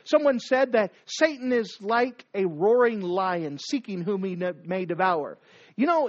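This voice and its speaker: A preacher in full flow swings his voice widely in pitch, repeatedly pressing listeners with rhetorical questions and commands. The recording quality is dull and lo-fi.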